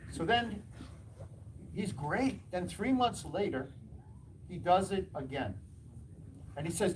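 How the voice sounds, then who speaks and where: A man's voice: high-pitched, slow pace, long pauses, far from the mic, background noise. Man telling stories from afar. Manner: animated anecdotes, acting out quoted dialogue with laughs. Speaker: martial arts school owner and instructor. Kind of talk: storytelling talk to an audience.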